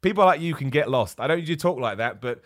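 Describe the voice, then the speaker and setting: A young man talks straight into the mic in a dead, dry room, giving his opinions with a casual live-stream looseness. He gets animated and heated when something annoys him. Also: fairly high pitch, fast, dry recording. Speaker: wrestling show host answering viewer questions.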